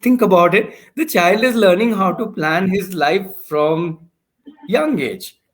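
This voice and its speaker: Man, fairly high pitch, thoughtful, casual conversation, restarts often. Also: slow. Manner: thoughtful, explains with examples, frequent restarts. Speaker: founder of a learning community, guest.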